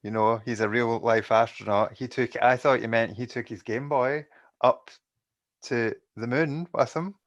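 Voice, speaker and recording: Male podcast co-host, middle pitch, chatty, laughs a lot. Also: fairly even intonation, measured pace, dull audio. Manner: laughs often, chatty and rambling. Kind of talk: casual chat.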